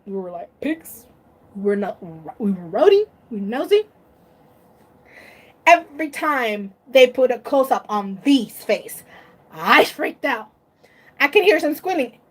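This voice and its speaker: A woman's voice: on the high side, sing-song, a little slow, long pauses, husky. A woman vlogger chatting casually on a live stream, emotional and tearful, gushing and laughing often.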